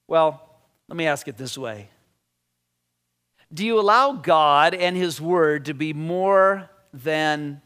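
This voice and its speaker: Brief: high-voiced male pastor, lively conversational sermon delivery. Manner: animated, conversational preaching with restarts.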